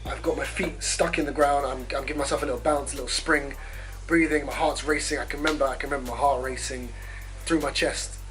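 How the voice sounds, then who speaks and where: A man vlogger telling a story to camera in a casual, animated, profane and self-mocking way. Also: mid-range voice. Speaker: travel vlogger.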